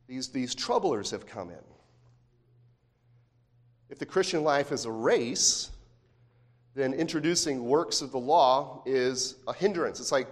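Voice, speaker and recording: A man preaching a sermon as pastor, talking in a conversational way with frequent rhetorical questions and restarts. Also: medium pitch. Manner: repeats words when restarting phrases.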